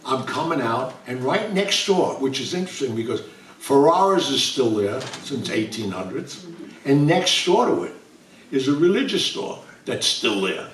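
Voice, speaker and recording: A man's voice: mid-range voice, big pitch swings, normal speed, a little hiss or hum. Older new man telling stories in a roomy hall. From New York. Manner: chatty anecdotal storyteller acting out dialogue. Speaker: author guest speaker. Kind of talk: storytelling to a live audience. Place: bookstore event room. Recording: roomy sound from a distant mic.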